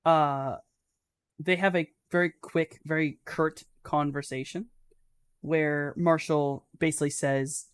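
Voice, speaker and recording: A man's voice: on the high side, fairly even intonation, slow, clean tone, no room sound. Brief: laid-back male game master narrating a scene, dry recording. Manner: loose, conversational narration with fillers.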